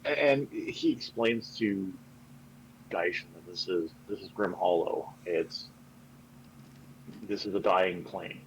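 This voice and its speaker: A man's voice: sits low, takes it slowly, pauses often, a little hiss or hum, low-quality recording. A man narrating his characters' actions in a tabletop game, hesitant and full of fillers. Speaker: player.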